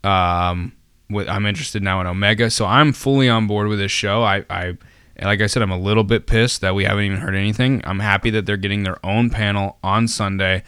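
A man's voice: on the low side, fairly even intonation, brisk, a bit bright, clean tone, no room sound, clean studio sound. A man hosting a casual podcast, rambling with many fillers and restarts and tossing in jokey asides. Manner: jokey, self-deprecating asides. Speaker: podcast host.

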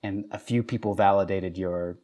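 A man co-hosting a casual chat, teasing dryly and halting with fillers. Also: deep voice, fairly even intonation, mellow. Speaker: podcast co-host.

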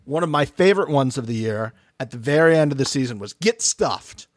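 A man co-hosting a podcast, joking playfully and chiming in with quick acknowledgments. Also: medium pitch, lively intonation, no echo, clean studio sound. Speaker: podcast co-host. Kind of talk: casual podcast chat.

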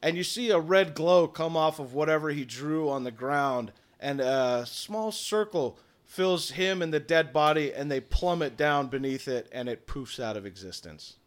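A man's voice: a little high, lively intonation, moderate pace, few pauses. A man acting as game master, narrating the scene of a tabletop game in a matter-of-fact, descriptive way.

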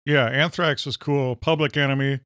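A man from Minnesota with a Minnesotan accent, co-hosting a podcast in casual banter, full of deadpan jokes. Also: mid-range voice, moderate pace, smooth, no room sound, clean studio sound. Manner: jokey, deadpan asides. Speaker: podcast co-host.

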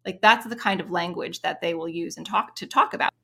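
Female guest, piano teacher, animated and explanatory, sings examples. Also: on the low side, brisk, gravelly, breathy edge. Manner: animated, sings rhythm syllables to demonstrate. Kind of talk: interview explanation with sung examples.

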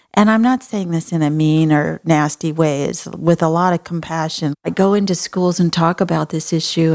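A woman's voice: low voice, creaky. A middle-aged woman from Texas, hosting a casual conversation in an earnest, folksy and compassionate way. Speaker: host.

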